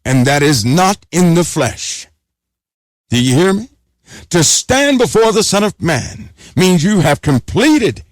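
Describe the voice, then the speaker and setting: A man's voice: fairly high pitch, no echo, studio quality. A man preaching an urgent sermon, exhorting listeners and repeating phrases for emphasis.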